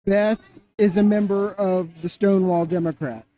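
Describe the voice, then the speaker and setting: A middle-aged man speaking as a guest in an interview, earnest and halting, often repeating phrases. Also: high voice, steady tone, mellow. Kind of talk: casual interview.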